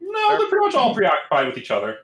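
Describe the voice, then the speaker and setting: A man's voice: extremely high pitch, wildly swooping pitch, fast, a bit bright, reverberant, rough recording. A man narrating as dungeon master for a tabletop game, loose and rambling, with many fillers.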